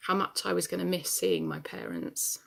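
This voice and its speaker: A woman performing a wry, gravelly-voiced daughter. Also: on the low side, sing-song, moderate pace, full character voice. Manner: confessional storytelling, wry and emotional. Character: adult daughter anxious about her aging parents. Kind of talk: theatre monologue.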